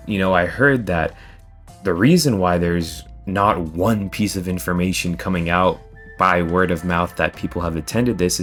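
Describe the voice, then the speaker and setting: A man's voice: low-pitched, fairly bright tone. A man commenting on the topic in a video, speculating and asking himself questions as he talks. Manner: speculative, asks questions of his own. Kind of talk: opinion commentary.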